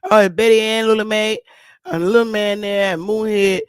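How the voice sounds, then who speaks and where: A woman's voice: mid-range voice, fairly even intonation, moderate pace, clear, resonant tone, no echo, studio quality, lightly acted. A woman voicing a folksy rural resident with a US Southern accent, talking in an offhand, drawling way. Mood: easygoing.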